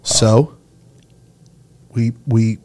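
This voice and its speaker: A man's voice: mid-range voice, fairly even intonation, extremely slow, a little mellow. A middle-aged man, a senior pastor, talking earnestly and passionately in a conversational interview. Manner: earnest, impassioned storytelling, gets choked up.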